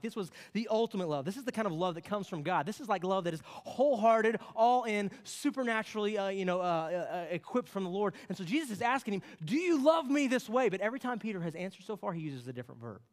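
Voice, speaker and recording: Guy preaching a sermon, fairly high voice, chatty with lots of "like" and "okay", gets loud then drops way down soft. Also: big-room sound. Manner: conversational, with many fillers like "like" and "okay"; swings from loud, excited passages to soft, low, almost whispered asides. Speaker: pastor.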